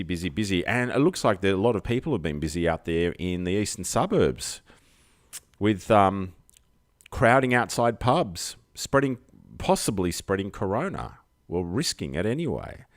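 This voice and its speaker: A man's voice: low-pitched, dry recording, studio quality. An Australian man hosting a casual live stream, rambling through jokey, chatty asides to his viewers. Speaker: host.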